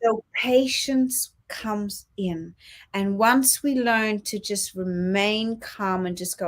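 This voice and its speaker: A woman's voice: medium pitch, takes it slowly. A woman co-hosting a casual spiritual chat show, talking earnestly and acting out little quoted exchanges. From Australia. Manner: earnest, with lively quoted asides. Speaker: co-host.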